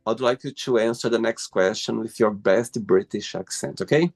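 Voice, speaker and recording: A man's voice: on the low side, normal speed, gravelly, darkish tone, faint music behind. A man hosting an interview, encouraging and enthusiastic, with broken phrasing. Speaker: host.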